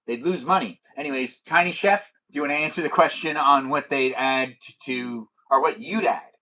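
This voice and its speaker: Brief: male streamer, mid-pitched, casual rambling chat with viewers, lots of "like" and "um". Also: normal speed, bright, forceful tone, poor audio. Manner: rambling, lots of fillers and restarts. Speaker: livestream host.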